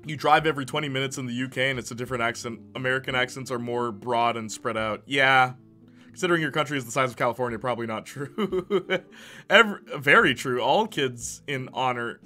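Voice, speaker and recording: A man streaming casually, reading chat messages aloud and reacting with quick laughs. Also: medium pitch, pushed and bright.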